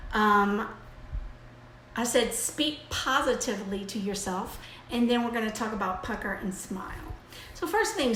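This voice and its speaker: A woman's voice: medium pitch, a bit bright, slight background noise. Chatty older woman in an echoey room. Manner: chatty and rambling, with many fillers and restarts. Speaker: host of a daily live video. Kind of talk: casual live-stream chat. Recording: echoey room with faint ambience.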